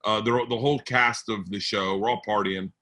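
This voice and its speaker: A man co-hosting a podcast, telling comedy stories in a rambling, animated, profane way. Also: fairly low pitch, brisk. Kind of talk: casual storytelling chat.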